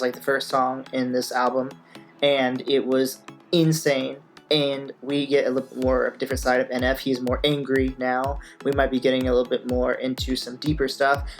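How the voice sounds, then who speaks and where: A young man talking casually as host of a music reaction video, rambling with lots of fillers. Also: medium pitch. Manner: rambling, filler-heavy, upbeat.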